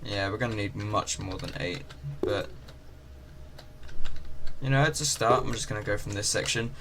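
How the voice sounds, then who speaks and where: A gaming channel host with a lowish voice and some vocal fry talks at a normal speed. He gives casual commentary on a farming game, chatty and rambling with plenty of fillers. Ocean noise from the game plays behind him.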